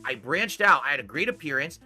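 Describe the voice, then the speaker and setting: A man's voice: fairly high pitch, very animated, a little fast, sharp tone, soft background music. A man from Connecticut streaming live, rambling defensively and answering his chat. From Connecticut, United States.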